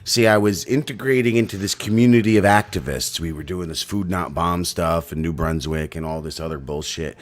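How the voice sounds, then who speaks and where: A man co-hosting a podcast, telling crude, rambling stories in a deadpan way. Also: low voice, a little fast, few pauses. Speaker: podcast co-host. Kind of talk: crude comedic banter.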